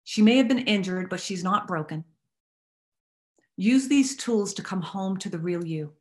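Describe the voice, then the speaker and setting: A woman leading a guided tapping exercise, giving calm step-by-step instructions and affirmations to repeat. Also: mid-range voice, measured pace. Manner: calm instructive guiding, repeat-after-me phrasing; affirming, uplifting delivery. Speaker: recovery workshop facilitator.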